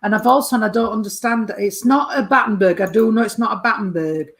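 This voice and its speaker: With a mid-range voice and a fast delivery, a spiritualist medium chats her way through a reading for a sitter. Darling and sweetheart come up often, and she keeps asking whether they understand.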